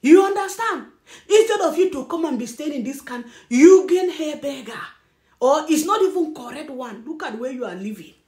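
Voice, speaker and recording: A woman's voice: high voice, moderate pace. A woman with a Nigerian Pidgin-influenced English accent, hosting a taunting, laughing commentary rant. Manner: taunting, laughing, loud and animated. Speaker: channel host. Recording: echoey room.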